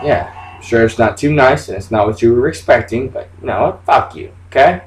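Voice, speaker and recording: A young man rambles through his gameplay commentary, cursing freely and cracking jokes. His voice sits at an everyday middle pitch. He sounds set back from the mic, with clear background noise running under everything. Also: brisk, recorded from a distance, low-quality recording. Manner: profane, rambling, jokey. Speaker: let's play gamer.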